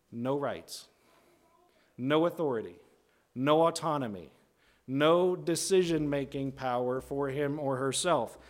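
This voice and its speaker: A man teaching verse by verse through a Bible book, deliberate and emphatic, often checking in with "right?". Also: mid-range voice. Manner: deliberate, stretches key words, often adds "right?".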